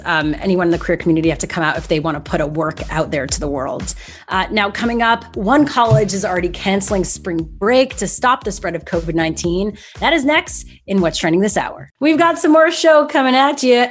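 Chatty woman hosting a news show, light music in the back. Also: mid-range voice. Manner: upbeat, chatty, laughs easily.

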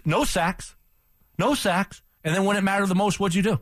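A man's voice: sits high, normal speed, fairly bright tone, no echo, studio quality. A man co-hosting a sports radio show, ranting in a heated way and repeating himself as he talks over a loss. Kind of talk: casual sports talk.

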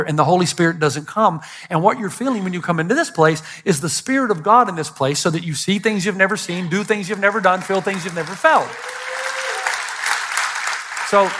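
Bright high-voiced preacher man. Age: older. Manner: animated storytelling preacher, quick asides and self-deprecating humor. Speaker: pastor. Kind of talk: sermon. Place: church stage before a congregation.

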